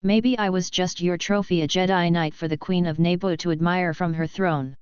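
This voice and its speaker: Casting: angry, defiant young man gone dark, voiced by a woman narrator, dry, muffled sound. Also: lowish voice, fairly even intonation, moderate pace, smooth, no echo, close to an everyday voice. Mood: furious. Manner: angry, bitter. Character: furious young man turned to darkness.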